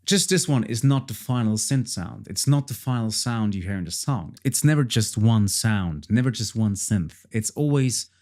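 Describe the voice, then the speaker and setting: A man's voice: lowish voice, expressive, moderate pace, few pauses, darkish tone. A man casually walking through his own song project as a producer, chatty and repeating himself with frequent fillers. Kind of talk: casual tutorial walkthrough.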